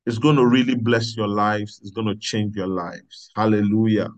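A man's voice: on the low side, fairly even intonation, normal speed, hardly any pauses, dull audio. A man pastoring a prayer meeting, preaching earnestly and repeating himself with frequent hallelujahs. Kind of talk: sermon.

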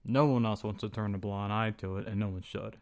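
Flippant, profane young man, lowish voice. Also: fairly even intonation, a little fast. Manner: flippant, profane, slangy, acts out quotes. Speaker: podcast host. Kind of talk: casual opinion monologue.

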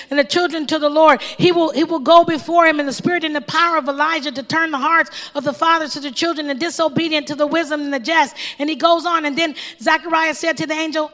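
A woman's voice: high voice, pushed and bright. A woman preaching a sermon, impassioned and calling out to the congregation. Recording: long reverb.

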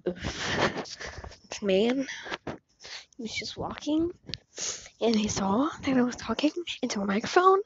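A woman's voice: a little high, lively intonation, a little slow, long pauses, noisy background. A teenage girl with an Icelandic accent, sick with a sore throat, rambling in a self-deprecating way while she walks outdoors. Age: teens. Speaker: podcast host. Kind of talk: casual rambling monologue. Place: outdoors, walking along a street. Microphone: cheap earbud headphone mic. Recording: dull lo-fi earbud mic.

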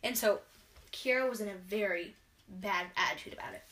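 A woman's voice: mid-range voice, brisk, a bit bright. A teenage girl ranting casually into her camera from her bedroom, rambling and exasperated, sighing often and restarting her sentences. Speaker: vlogger and gymnast.

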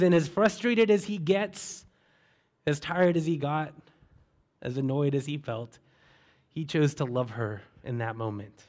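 A man preaching a sermon, telling a story in a relaxed way and asking repeated rhetorical questions. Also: on the high side, unhurried, pauses often.

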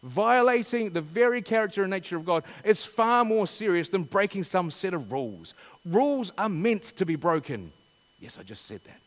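A man's voice: high-pitched, sing-song, normal speed, long reverb tail. A man preaching a sermon, asking rhetorical questions and reading scripture dramatically.

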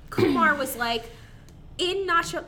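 Woman ranting about a bad movie, bright fairly high voice, sarcastic and sweary. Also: a little slow, a little hiss or hum. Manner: animated, sarcastic, swears freely. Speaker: podcast co-host. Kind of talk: casual movie review chat.

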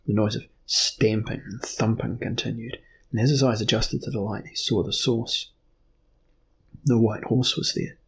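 A man narrating a fantasy novel as an audiobook in a measured, even storytelling manner. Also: lowish voice, gravelly, a little hiss or hum.

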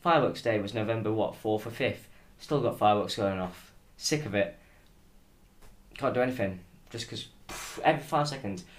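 A man's voice: on the low side, normal speed. A British man hosting a solo podcast, ranting with sarcasm and frequent swearing. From United Kingdom. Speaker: podcast host. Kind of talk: casual solo podcast rant.

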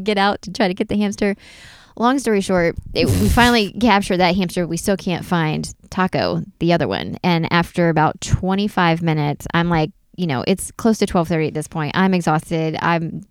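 A middle-aged woman co-hosting a casual chat show, telling a story in an animated way and acting out the voices. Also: lowish voice, clear, resonant tone, dry recording, studio quality.

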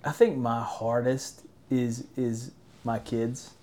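A man's voice: mid-range voice, fairly even intonation, takes it slowly, darkish tone. A man in his thirties, a podcast guest and father, speaking earnestly and casually about faith and family. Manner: earnest, faith-focused talk. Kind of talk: casual chat.

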